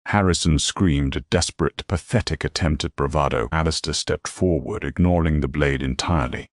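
A man giving dramatic scripted narration of a fantasy story in a measured way. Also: rumbling low, no room sound, studio quality.

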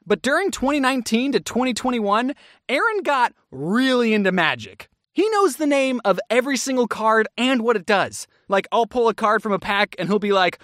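A man narrating a comedic scripted story with jokey, deadpan asides. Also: very high-pitched, normal speed, no room sound, studio quality. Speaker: animation storytime creator.

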